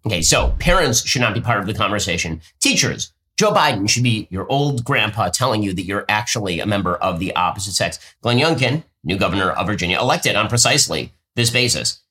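A man hosting a political commentary show, talking in an emphatic, sardonic, rapid-fire way. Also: lowish voice, sing-song, sharp tone. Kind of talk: fast political commentary with ad reads.

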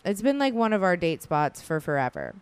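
A woman's voice: lowish voice, big pitch swings, clear, resonant tone, no room sound. A woman, hosting a podcast in a casual, slangy way full of asides. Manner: chatty, slangy, fast asides, frequent "like". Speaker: podcast host. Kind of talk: casual chat with ad read.

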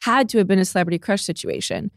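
A woman's voice: medium pitch, wildly swooping pitch, very fast, gravelly, no echo, studio quality. Breezy woman co-hosting a podcast. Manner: breezy, emphatic, swears casually. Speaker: podcast co-host. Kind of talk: casual chat and ad read.

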